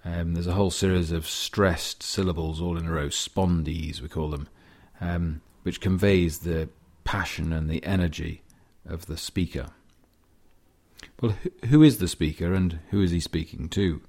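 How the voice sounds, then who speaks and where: Deep-voiced man lecturing on poetry. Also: fairly even intonation, darkish tone. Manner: measured, thoughtful, with scholarly asides. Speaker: literature lecturer. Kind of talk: explaining and reading poetry aloud.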